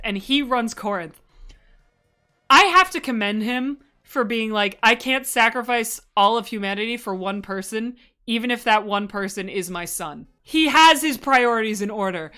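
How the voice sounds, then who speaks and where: Bright, chatty woman presenter. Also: a little high. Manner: rambling, enthusiastic, talks in asides. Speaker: streamer presenting a fan slideshow. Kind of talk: casual livestream presentation.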